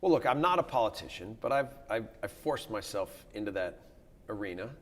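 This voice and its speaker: A man from the United States, a national soccer team coach, answering in a TV news interview in an earnest, halting way with frequent restarts. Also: fairly low pitch, lively intonation, long reverb tail.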